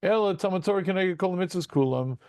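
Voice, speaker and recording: A man teaching a Talmud class to students over a video call, asking rhetorical questions and breaking into quick chuckles. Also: sits high, clean tone, no echo, studio quality. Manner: animated, rhetorical questions, addresses students as gentlemen; self-deprecating chuckles, quick asides.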